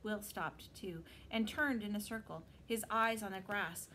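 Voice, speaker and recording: A woman teacher reading a novel aloud to students in an expressive storytelling manner. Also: medium pitch, unhurried, slight background noise, low-quality recording.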